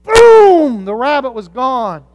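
A pastor preaching a sermon, telling stories with humorous asides and swinging from quiet reflection to loud emphasis. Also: medium pitch, a little slow, no echo, highs cut off. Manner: animated storytelling with humorous asides.

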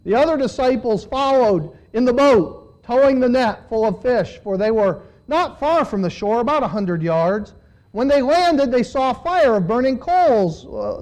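A man's voice: extremely high pitch, rough recording. A man preaching a sermon, reading a Bible passage aloud and stopping to comment on it, his voice lifting with emphasis as he reads. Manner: reads scripture with rising, animated emphasis.

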